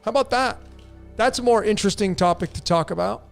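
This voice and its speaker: High, gravelly man rambling animatedly. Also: fast, faint music behind. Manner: rambling, animated, with restarts and laughs. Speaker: host answering listener questions. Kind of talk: casual monologue. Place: in Mexico.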